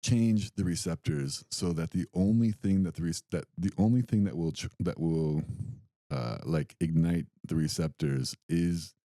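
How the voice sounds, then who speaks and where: A man's voice: sits low, unhurried, no room sound. A young adult man co-hosting a podcast, telling a story in casual chat and acting out the quotes. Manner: animated storytelling, acts out quotes. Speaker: podcast co-host.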